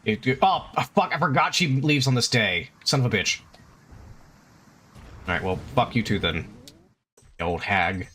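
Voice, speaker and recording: A man's voice: mid-range voice, sing-song, moderate pace, pauses often, pushed and bright, a little hiss or hum. A young man casually commenting while he plays a video game, chatty and swearing freely, talking to his chat and to the game. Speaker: streamer. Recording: faint game music behind.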